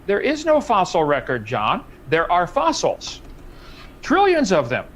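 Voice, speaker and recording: Emphatic insistent man, higher-pitched. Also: huge pitch swings, unhurried, fairly bright tone, slight background noise, rough recording. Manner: emphatic, insistent, pitch jumps up when pressing a point; chuckling, relishes mockery. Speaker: debate guest. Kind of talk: heated live-stream debate.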